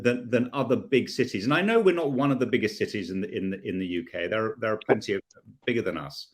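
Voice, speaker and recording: A man hosting a casual chat who rambles through long, searching questions to his guest. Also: mid-range voice. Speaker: podcast host.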